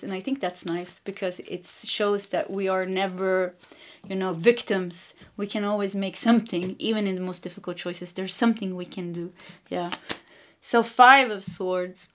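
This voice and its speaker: A woman with a Swedish accent giving a casual spiritual tarot reading, meandering and giggly, gently reassuring. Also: medium pitch, steady tone, moderate pace, a little hiss or hum. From Sweden. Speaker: tarot card reader.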